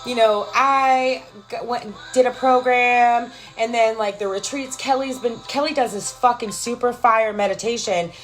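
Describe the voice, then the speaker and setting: Woman, high voice, casual live stream chat, excited, profane, motivational, greets viewers, faint background music. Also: a little slow. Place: home, with a cat nearby.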